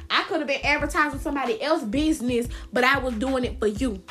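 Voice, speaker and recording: A woman's voice: sits high, a bit bright. A young woman hosting her own podcast, venting bluntly and casually to her listeners, swearing freely, her voice cracking at times. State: voice cracking, clearing throat. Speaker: podcast host. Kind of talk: casual solo podcast rant.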